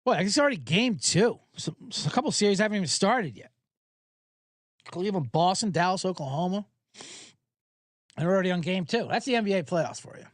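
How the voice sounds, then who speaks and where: A man hosting a sports betting podcast, talking casually in an animated, profane, rambling way. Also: sits high, a little fast, long pauses, dry recording, clean studio sound.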